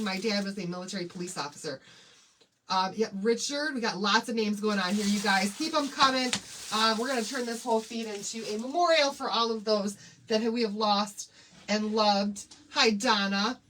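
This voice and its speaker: A woman's voice: a little high, a bit bright, slight background noise. Bubbly woman hosting a craft livestream. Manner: bubbly, greets viewers by name. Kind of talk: casual livestream chat.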